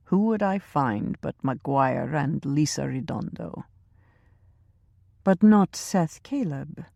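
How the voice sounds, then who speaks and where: A man's voice: a little high, vocal fry, darkish tone, dry recording, studio quality, heavily acted. A woman reading a ruthless male hired killer in an audiobook, curt and menacing.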